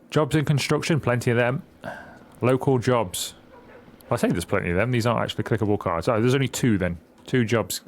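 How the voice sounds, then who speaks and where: A man's voice: medium pitch, lively intonation, moderate pace, slight background noise. Chatty man narrating his gameplay. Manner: chatty, reads game dialogue aloud, jokey asides. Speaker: gaming channel host. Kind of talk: casual game commentary.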